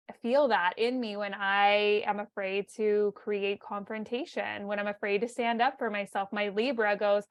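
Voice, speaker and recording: A woman hosting a podcast in a casual conversation, speaking in an agreeable, affirming way. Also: medium pitch. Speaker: podcast host.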